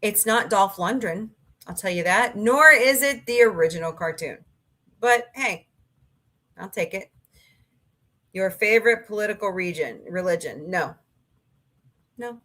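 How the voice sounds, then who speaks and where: A woman's voice: mid-range voice, expressive, measured pace, pauses often, bright, forceful tone. A middle-aged woman hosting a casual livestream, chatting and rambling through stories with her live chat. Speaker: livestream host.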